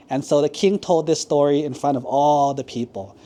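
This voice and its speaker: A man's voice: a little high, normal speed, few pauses. A man, a monk, telling a children's story in a sermon and asking the listeners questions. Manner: animated, asks the children questions.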